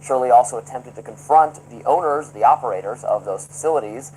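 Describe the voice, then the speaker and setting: A man reading a broadcast news report in a measured, formal delivery, played back as a clip. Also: medium pitch, a little mellow, a little hiss or hum, poor audio.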